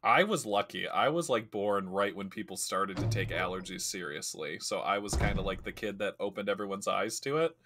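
A man's voice: fairly low pitch, fairly quick, few pauses, noisy background. A man streaming a video game, chatting casually and rambling through stories as he plays. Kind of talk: casual gameplay commentary.

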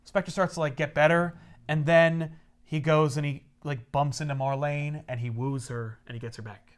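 A man hosting a casual comic book chat, his voice pitched a little high. He retells plots with excitement, jumping into the characters' lines as he goes. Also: moderate pace, clean tone. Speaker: comic book podcast host.

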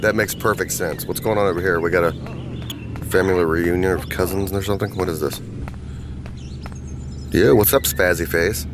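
A man's voice: low-pitched, normal speed, long pauses, background noise. A man hosting a gaming channel, giving goofy, crude gameplay commentary and slipping into silly voices. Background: game music and sounds.

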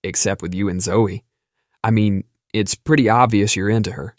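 A man's voice: fairly low pitch, fairly even intonation, normal speed, no echo, studio quality, close to an everyday voice. A man playing a confident young male friend who talks in a breezy, joking way. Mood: teasing.

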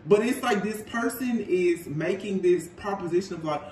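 A man with a high voice gives an animated, gossipy tarot reading and keeps breaking into laughter. His voice echoes around a roomy space. The mic sits some distance away and picks up a faint hiss. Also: moderate pace, hardly any pauses. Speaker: tarot reader. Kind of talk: casual tarot reading monologue.

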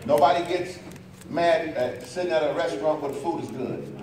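A man preaches in a high voice, calling out and drawing responses from his congregation. The sound is distant and echoes heavily around the church, with the crowd audible behind him. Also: normal speed. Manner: call-and-response preaching, rising and falling. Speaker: pastor. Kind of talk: sermon. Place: church sanctuary.

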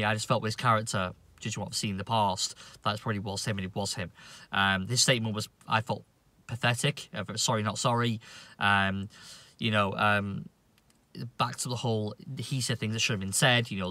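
A man's voice: fairly low pitch, sharp tone, dry recording. A man ranting indignantly to camera as a cricket vlogger, swearing often and stumbling over restarts. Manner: indignant, profane, halting with many restarts. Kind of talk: opinion rant to camera.

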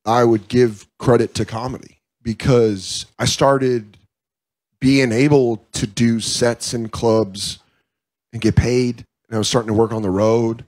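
A comedian guest in candid casual talk, frank and profane, acting out quoted voices. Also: male voice, medium pitch, level tone, unhurried, a little mellow. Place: comedy club.

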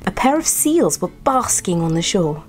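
A woman reads a bedtime story in a soft, gentle, lowish voice, sometimes sinking toward a whisper. Quiet music runs faintly in the background. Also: sing-song, moderate pace.

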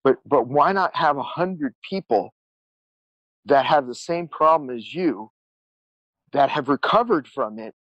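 A man's voice: medium pitch, lively intonation, measured pace, long pauses, dry recording, muffled recording. A man telling his life story as a podcast guest, earnest and rambling, repeating words and acting out what people said. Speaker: guest musician. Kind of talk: candid storytelling interview.

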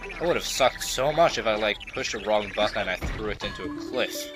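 A man's voice: on the low side, animated, a little fast. A young man giving casual, rambling commentary as a let's play host, full of playful jokes and asides. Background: game music.

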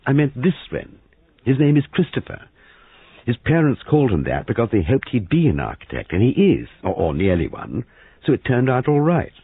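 A man's voice: medium pitch, huge pitch swings, normal speed, breathy edge, dry recording, pitched above the performer's own voice, heavily acted. A man voicing an anxious young wife who runs a guesthouse, with a flustered, pleading manner, heard in a phone-like, lo-fi reading.

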